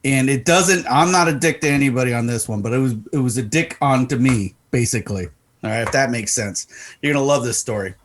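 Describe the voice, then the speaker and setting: Speaking a little fast at medium pitch, with slight background noise, this Arizona podcast co-host in middle age spins a casual story. He's animated and performs the characters' voices himself.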